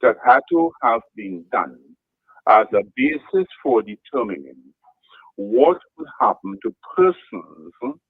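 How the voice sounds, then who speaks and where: Man, radio talk show, deliberate leading questions, lively rising and falling pitch, dry tinny phone-like sound. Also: husky, no echo.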